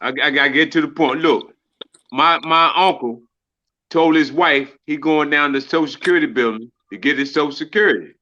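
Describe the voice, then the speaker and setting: A man casually telling jokes to friends in an animated storytelling manner. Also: a little high, normal speed, highs cut off. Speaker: joke teller.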